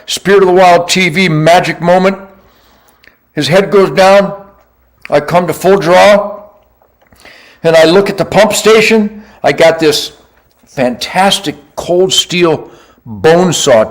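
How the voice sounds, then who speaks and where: An older man casually telling a hunting story as host, boastful and animated, swinging between loud outbursts and quiet mutters. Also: a little high.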